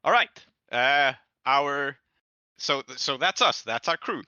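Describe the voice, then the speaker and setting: Bright, laughing podcast game master man. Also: medium pitch, slow pace, clean tone, no echo, muffled recording. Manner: upbeat, laughs often, many fillers. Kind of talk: casual podcast chat.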